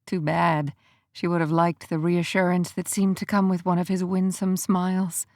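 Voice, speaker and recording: A woman narrating a romance audiobook in an even, measured storytelling manner. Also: fairly low pitch, no room sound, clean studio sound.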